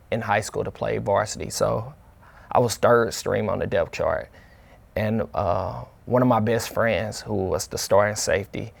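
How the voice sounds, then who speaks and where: A young man from the St. Louis area, talking casually as an interview guest in a relaxed, colloquial way with many fillers and restarts. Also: fairly low pitch, creaky. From St. Louis area, USA. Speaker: interview guest, football player.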